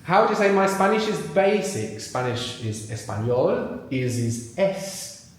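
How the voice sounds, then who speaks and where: With a somewhat high voice, wide pitch swings and a slightly slow delivery, a man leads a live language workshop. He patiently asks learners questions and echoes their words in a very reverberant room.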